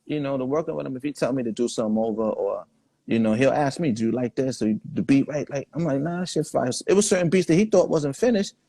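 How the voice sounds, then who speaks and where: A man's voice: mid-range voice, expressive, fast talker, vocal fry, warm tone, no room sound. A man, the guest in a casual interview, telling laid-back stories full of quoted dialogue. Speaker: guest artist.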